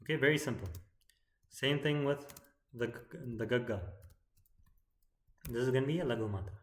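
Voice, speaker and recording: A man teaching poetic meter in an explanatory lecture, often checking in with "right?" and chanting verse lines slowly. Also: medium pitch, reverberant. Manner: keeps asking "right?" as he explains.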